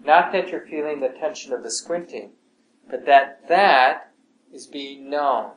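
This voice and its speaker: Soft-spoken man teaching meditation, echoey room. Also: a little slow, slight background noise. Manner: calm, gentle, often dropping to a soft low voice. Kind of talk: relaxed meditation class talk. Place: class room with students. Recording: echoey room, faint ambience.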